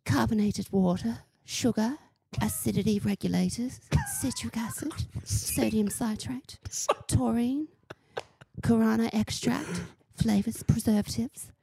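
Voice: mid-range voice, vocal fry, mellow, breathy edge, no room sound, pitched above the performer's own voice, poor audio. A podcaster doing a mid-century transatlantic announcer voice while reading a drink label aloud. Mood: mock-formal. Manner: deliberate, slips into laughter and swearing.

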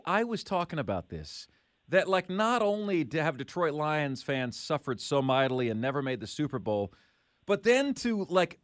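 Radio host: lively man, fairly high voice, dry close studio sound. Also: no echo. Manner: energetic, animated, laughs often. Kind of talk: sports talk radio. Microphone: studio microphone.

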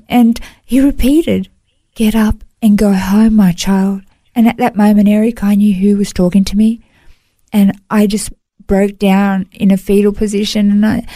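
A woman's voice: mid-range voice, fairly even intonation, moderate pace, dark tone, no echo. A woman, an interview guest, giving an earnest, emotional personal testimony and often saying "you know". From Australia.

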